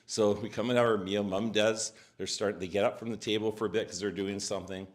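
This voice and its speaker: Low-voiced man at a memorial, halting tribute with fillers. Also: steady tone. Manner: halting, many fillers and restarts. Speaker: family member giving a eulogy. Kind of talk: memorial speech, personal stories.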